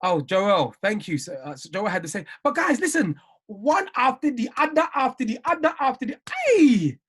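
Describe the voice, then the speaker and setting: A man coaching traders on a video call, talking in an animated, emphatic way and repeating himself for effect. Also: sits high, normal speed, slightly rough. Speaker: trading coach.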